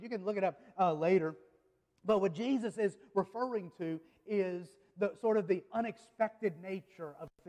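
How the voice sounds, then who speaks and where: A man's voice: high-pitched, darkish tone, in a large hall. A man, a pastor preaching a sermon in a conversational way, with frequent restarts and remarks to the congregation. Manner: conversational, repeats words and restarts, speaks directly to the congregation. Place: church sanctuary.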